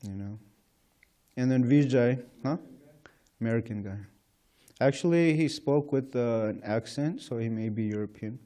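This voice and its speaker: A man's voice: mid-range voice, moderate pace, warm tone. A man giving an informal scripture class at a temple, talking conversationally with frequent "you know" and chuckles. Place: temple lecture hall.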